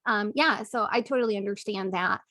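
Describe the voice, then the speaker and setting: A woman's voice: mid-range voice, a little fast, pushed and bright, dry recording, studio quality. A woman hosting an interview podcast, affirming her guest and reflecting aloud as she works through her thoughts. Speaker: podcast host. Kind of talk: casual interview conversation.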